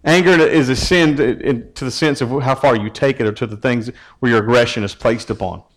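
A man's voice: medium pitch, fairly quick, low-quality recording. A man preaching a casual, conversational sermon as a youth pastor. He often repeats words as he starts his phrases.

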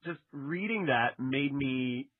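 A man's voice: mid-range voice, lively intonation, takes it slowly, no echo. A man co-hosting a casual chat, rambling and laughing, with lots of fillers. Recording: tinny phone-like sound.

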